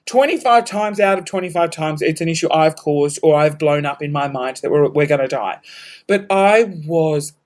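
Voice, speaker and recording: Animated Australian man telling a story. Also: high-pitched. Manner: animated, swears freely, laughs at himself. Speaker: podcast host. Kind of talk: casual storytelling.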